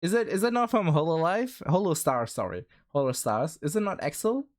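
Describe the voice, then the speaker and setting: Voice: mid-range voice, animated, fairly quick, darkish tone. A livestreamer chatting casually with viewers, rambling with many fillers and laughing often. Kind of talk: casual stream chat.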